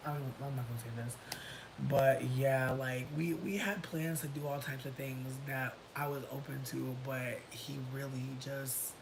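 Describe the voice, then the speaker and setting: Sassy, dramatic male livestream storyteller. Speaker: livestream host. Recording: low rumbling background noise.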